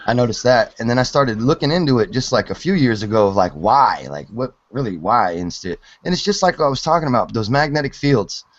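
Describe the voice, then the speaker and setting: A man's voice: mid-range voice, lively intonation, brisk, few pauses, dull audio. A man in his forties rambling casually about physics theories, swearing and laughing often. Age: 40s. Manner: rambling, profane, laughs a lot. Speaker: hangout participant.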